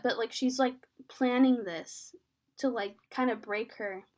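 High-voiced chatty woman. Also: unhurried. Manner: animated, filler-heavy retelling with quoted lines. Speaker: podcast co-host. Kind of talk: casual chat recapping a TV episode.

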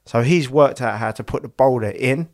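A man's voice: medium pitch, normal speed, a little mellow. A man, co-hosting a casual podcast chat, telling rambling stories full of fillers and restarts. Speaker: podcast co-host.

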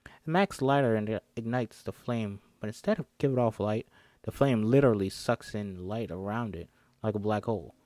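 A man's voice: on the low side, normal speed, mellow, dry recording. A man reads a film script aloud and breaks off for jokey, swearing asides, acting out the characters' lines as he goes.

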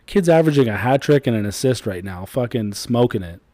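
Man, thirties, casual chat, blunt, swears a lot, warm dark voice, dry close sound. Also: mid-range voice, animated, fairly quick, no echo. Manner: blunt, swears freely, laid-back storytelling. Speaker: podcast co-host.

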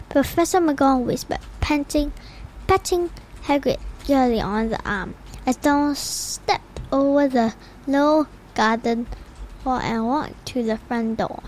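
A woman reading a children's storybook aloud in an unhurried way, with occasional slips and restarts. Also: high-pitched, a little mellow, a little hiss or hum, low-quality recording. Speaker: reader.

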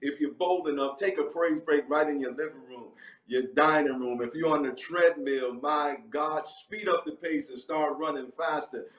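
A man's voice: fairly high pitch, steady tone, normal speed, fairly bright tone. A man preaching a livestreamed sermon with fervent delivery, breaking into sudden whooping exclamations. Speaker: pastor. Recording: echoey room, mic at a distance.

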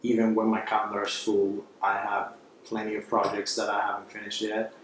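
A man hosts the podcast, candid and a little self-questioning. His voice sits at a middle pitch. The recording is very echoey, with a faint hiss behind it. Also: completely flat delivery, fairly quick. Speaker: podcast host, filmmaker. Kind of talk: reflective podcast conversation. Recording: echoey room with faint noise.

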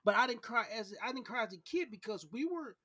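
A man's voice: very high-pitched, lively intonation, quick pace, pushed and bright, no echo, studio quality. A man hosting a casual podcast conversation, earnest and open, often repeating words as he searches for his thoughts. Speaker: podcast host.

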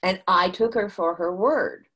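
An older woman from the USA, a guest in an interview, telling a business story in an animated way with frequent restarts. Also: fairly low pitch, unhurried, breathy edge.

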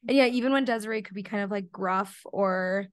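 A woman's voice: mid-range voice, brisk. A young woman chatting on a book podcast, gushing affectionately about a character. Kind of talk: casual book-podcast chat.

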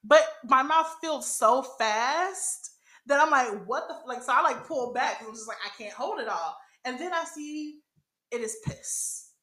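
A young woman talks through a wild personal story for a podcast, swearing freely and breaking into laughs. Her voice sits a little high and bright, and the room around her rings with echo. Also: moderate pace. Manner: animated, profane, laughs often. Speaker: podcast host. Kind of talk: casual storytelling chat.

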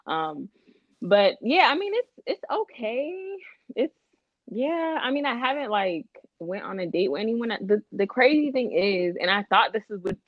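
A woman's voice: unhurried, no echo. A young woman in casual podcast chat, telling a dating story and acting out the other people's lines. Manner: animated storyteller, acts out quotes with big pitch jumps. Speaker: podcast co-host. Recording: dull, slightly lo-fi, dry.

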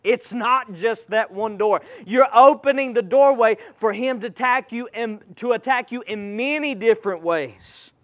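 A man's voice: very high voice, a little slow, hardly any pauses, a bit bright. A man preaching a sermon, emphatic and calling out to the congregation.

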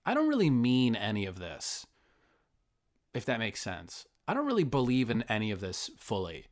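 A man talking solo on his podcast in a rambling, self-mocking comic monologue, swearing freely. His pitch swings widely and he is full of life as he rants. He sounds casual and unscripted. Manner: rambling, profane, self-deprecating. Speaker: podcast host.

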